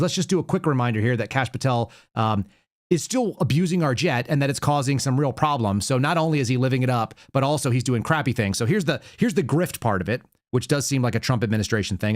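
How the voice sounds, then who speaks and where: A man's voice: medium pitch, expressive, fast, no echo. Man, podcast host, sarcastic commentary, dry close mic. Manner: sarcastic, blunt. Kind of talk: casual political commentary.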